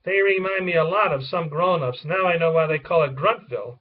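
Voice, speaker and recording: An earnest little mouse girl, read out by a man in a pitched-up voice. Her questions come from a distance on a dull, lo-fi recording. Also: brisk, close to an everyday voice.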